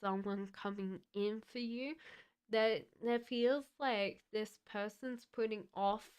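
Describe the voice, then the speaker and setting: Woman tarot reader on a live stream, gentle and halting, unhurried delivery, very clean clear voice. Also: medium pitch, steady tone. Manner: gentle, halting, many fillers. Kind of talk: live-streamed card reading.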